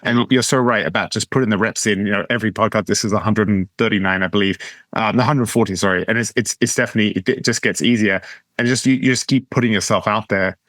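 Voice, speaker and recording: A male podcast host with a low-pitched voice asks questions hesitantly, restarting his phrases often. The sound is dry and close to the mic. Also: steady tone, fast, fairly bright tone, no echo. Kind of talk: conversational podcast interview.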